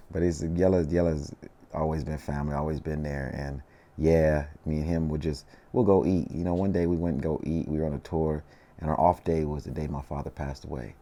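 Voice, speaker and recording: A man tells stories in a relaxed interview, his voice very low and mellow. He talks loosely in slang, circling back with "you know what I mean". The delivery stays unhurried and conversational. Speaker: rapper, interview guest. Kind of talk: casual storytelling interview.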